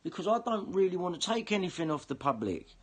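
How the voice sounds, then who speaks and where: A man's voice: high voice, sing-song, fast talker. A man ranting angrily and swearing in a monologue to camera. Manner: heated, sweary, confrontational. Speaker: vlogger.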